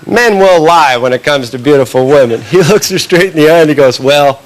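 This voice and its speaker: A man from Canada doing a stand-up comedy set, telling stories and acting out the people in them with quick quoted lines. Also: a little high, expressive. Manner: storytelling, acts out characters in quick quotes. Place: comedy club stage with audience laughter. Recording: live club recording with background noise.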